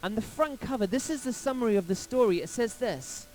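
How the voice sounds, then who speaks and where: A man from England, a pastor telling a personal story in a sermon, lively and anecdotal, acting out quotes along the way. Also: very high-pitched, brisk, poor audio.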